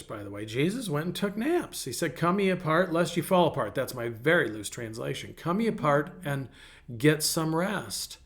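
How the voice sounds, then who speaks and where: Middle-aged male pastor, slightly raised pitch with fry, casual storytelling sermon delivery. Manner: folksy, personal storytelling with frequent restarts. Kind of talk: conversational sermon.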